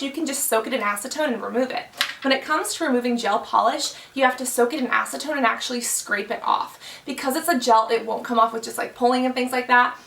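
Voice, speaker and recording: Bright, gravelly-voiced woman vlogger. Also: fairly high pitch, roomy sound, distant mic. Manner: chatty, thinking aloud with many fillers. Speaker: beauty vlogger. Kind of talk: casual explainer talk to camera.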